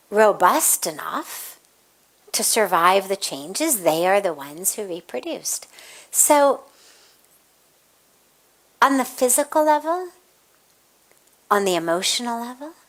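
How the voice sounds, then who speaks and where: A woman spiritual teacher giving an evening satsang talk, telling a story in measured, deliberate phrases and acting out the voices in it. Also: mid-range voice. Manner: storytelling, acts out quoted voices.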